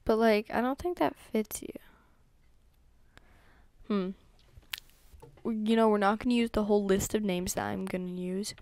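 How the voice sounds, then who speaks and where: A woman's voice: medium pitch, fairly even intonation, normal speed, long pauses, a little mellow, dry recording. A young woman giving chatty gameplay commentary, talking to herself and to her horses with many ums and whispered asides. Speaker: gaming YouTuber.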